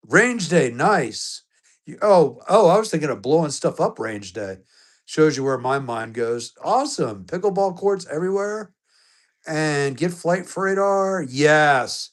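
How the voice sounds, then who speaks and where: A man streaming live, casually greeting viewers one by one, bright and upbeat on hellos and low and soft when things turn serious. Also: expressive, a little slow. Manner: upbeat greetings that jump high in pitch, softer and lower when serious.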